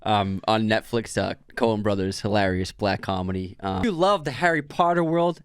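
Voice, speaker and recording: A man's voice: fairly low pitch, moderate pace, clean tone, no echo, studio quality. A young man co-hosting a casual film podcast, laughing often as he talks and chatting with loose fillers and restarts. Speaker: podcast co-host.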